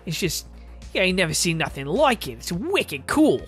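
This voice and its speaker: A man's voice: sits high, sing-song, moderate pace, a bit bright, faint music behind, voice pushed up. A man putting on a boastful male painter with a mocking, over-the-top Boston accent.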